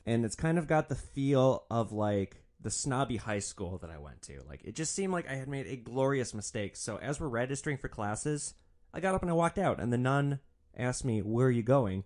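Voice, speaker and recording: Brief: young guy, comic storyteller, swearing freely, animated delivery, warm mellow voice. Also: mid-range voice. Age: young adult. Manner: sardonic, profane, animated. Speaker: podcast host, former rideshare driver. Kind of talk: comedic storytelling monologue.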